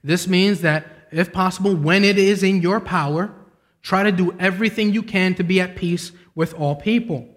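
Young male preacher, high voice, lively storytelling sermon, long hall reverb. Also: normal speed. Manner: storytelling preacher, voice climbs high when excited. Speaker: pastor.

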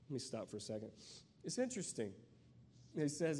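A man giving a sermon as a guest preacher, conversational and searching, with many fillers and restarts, and reading scripture slowly. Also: a little high, very animated, mellow.

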